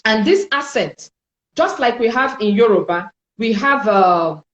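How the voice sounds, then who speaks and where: Woman French teacher, fairly high voice, slow and deliberate delivery, echoey room. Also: lively intonation, lo-fi sound. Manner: slow, deliberate, repeats each sound for learners. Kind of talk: spoken language lesson.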